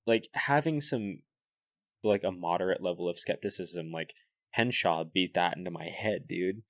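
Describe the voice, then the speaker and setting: A young man chatting as a podcast guest, telling animated, swear-laden stories full of "like" and "dude". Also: low-pitched, moderate pace, no echo, studio quality. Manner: animated storyteller, swears freely, fillers like "like" and "dude". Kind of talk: casual podcast chat.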